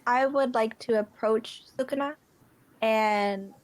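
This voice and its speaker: A woman's voice: a little high, slow pace. A woman playing a tabletop game, talking casually and a little nervously and hesitantly. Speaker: player.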